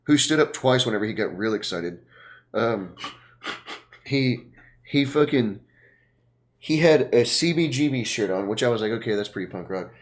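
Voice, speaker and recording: A man's voice: mid-range voice, lively intonation, measured pace, pauses often. A man hosting a podcast, telling long rambling stories full of swearing in casual chat. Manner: profane, rambling storyteller. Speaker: podcast host.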